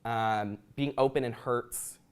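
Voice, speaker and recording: A man's voice: mid-range voice, steady tone, takes it slowly, smooth. A young man giving a prepared talk to an audience, earnest and reflective, with occasional ums. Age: young adult. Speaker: student speaker.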